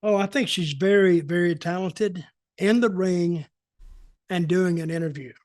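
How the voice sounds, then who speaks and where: A man's voice: high-pitched, measured pace, a little mellow, no room sound, clean studio sound. An American man hosting a podcast, giving folksy, opinionated takes in a rambling, storytelling way. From United States. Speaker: podcast host, wrestling veteran. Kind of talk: casual podcast chat.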